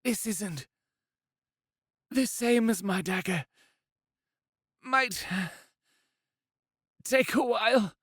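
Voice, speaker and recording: Brief: man doing a hurt young heroine, higher lilting voice, strained but resolute, slow and dry, audiobook. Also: expressive, fairly bright tone, dry recording, full character voice. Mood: strained resolve. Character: wounded determined young woman, a mage. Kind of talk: audiobook character voice.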